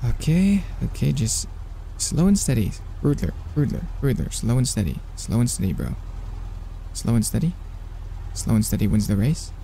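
A young man giving live gameplay commentary as a streamer, excitable and flustered, talking to himself and repeating words over and over. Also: mid-range voice, normal speed, vocal fry, a little hiss or hum.

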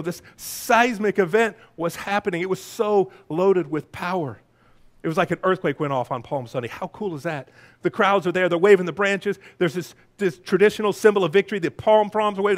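A man preaching a lively, playful sermon as pastor, breaking into shouts and silly voices. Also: high-pitched.

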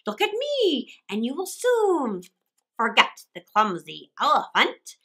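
A woman's voice: high-pitched, wildly swooping pitch, slow, bright, forceful tone, exaggerated voice. A woman voicing a small proud male rat in a fable, boastful and dropping to a whisper.

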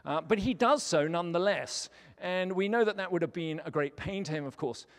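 A man's voice: high voice, lively intonation, a little fast. A man preaching a sermon, telling stories with light humor, recorded in a church sanctuary. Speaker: pastor. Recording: church hall reverb.

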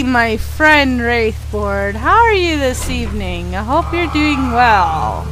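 Woman streamer, bright upper voice, slow and lively, chats and yelps over constant rain. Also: on the high side, music in the background, low-quality recording. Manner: animated, chatty, yelps panicked repeated no's. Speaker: game streamer. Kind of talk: live gameplay commentary chatting with viewers. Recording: steady rain noise behind the voice.

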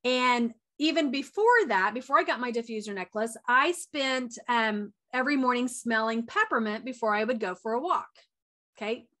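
High-voiced chatty woman. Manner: chatty and animated, says y'all a lot; talks fast. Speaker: wellness coach. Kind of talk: casual motivational talk.

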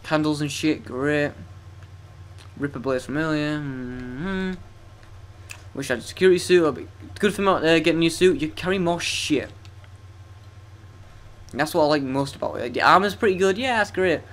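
A man's voice: on the high side, normal speed, pauses often, fairly bright tone, a little hiss or hum. Foul-mouthed young man gaming. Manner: profane, sarcastic and self-mocking. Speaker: let's play gamer. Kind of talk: gameplay commentary.

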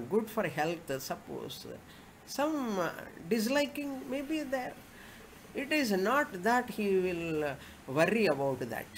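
Slow-spoken woman teaching scripture. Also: mid-range voice, a little hiss or hum. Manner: slow, repetitive explaining, chants Sanskrit verse phrases. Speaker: spiritual teacher. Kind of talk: scripture lecture.

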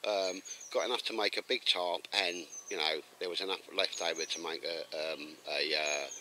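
A man's voice: sits low, steady tone, moderate pace, noisy background. A middle-aged man, chatting casually with a friend outdoors, rambling and calling people mate. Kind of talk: casual chat. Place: outdoors in woodland.

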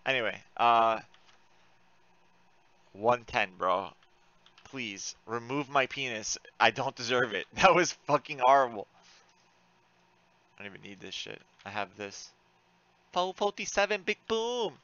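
A man giving live commentary while playing an online game, frustrated and excitable, swearing often with sudden loud outbursts. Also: medium pitch, a little slow, no room sound, muffled recording.

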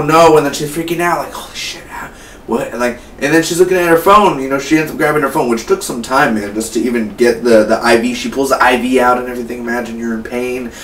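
An eighteen-year-old man with a mid-range voice rambles casually through a spoiler-filled film review, getting excited and constantly dropping "man" and "like." The room is echoey, the mic sits at a distance, and a faint hum runs underneath.

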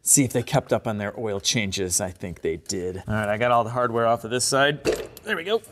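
A man's voice: on the low side, a little fast, noisy background. Upbeat joking male car-repair vlogger. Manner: upbeat and joking, with sudden excited whoops. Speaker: host and car mechanic. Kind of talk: casual repair vlog commentary. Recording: echoey garage reverb.

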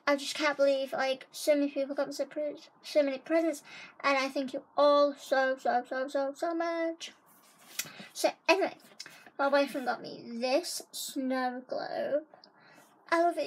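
A woman's voice: sits high, poor audio. A young woman chatting in a casual haul vlog from her bedroom, gushing and talking straight to her viewers. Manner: gushing, chatty, keeps saying guys. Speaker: vlogger. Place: bedroom at home.

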